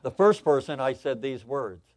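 A male pastor preaching a sermon, telling personal stories in an animated, excitable way with lots of repetition. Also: medium pitch, moderate pace, dry recording.

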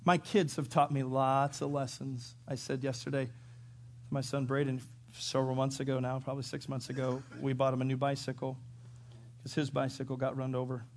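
A middle-aged man, a pastor, preaching a sermon in an animated way, acting out quotes and breaking into sudden loud shouts. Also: mid-range voice, a little fast, a little hiss or hum.

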